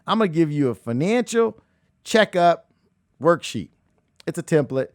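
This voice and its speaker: A man hosting a money talk show as a real estate coach, talking emphatically, repeating phrases and swinging between loud outbursts and hushed asides. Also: on the high side, very animated, moderate pace, no room sound, clean studio sound. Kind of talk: animated motivational talk.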